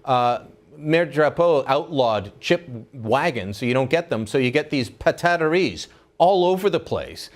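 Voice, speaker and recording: A man's voice: a little high, lively intonation, a little slow. A man from Canada hosting a casual talk, explaining things conversationally with many fillers. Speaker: host. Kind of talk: casual chat.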